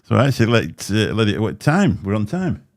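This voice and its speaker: A livestream host chats casually into a desk microphone, rambling, laughing often and speaking with a slight lisp. His voice is fairly low, very animated and brisk.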